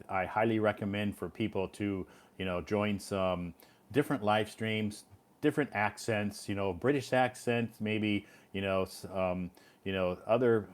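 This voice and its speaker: An American man hosting a casual live stream, talking in a rambling way with many fillers. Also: fairly low pitch. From United States. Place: home in Beijing.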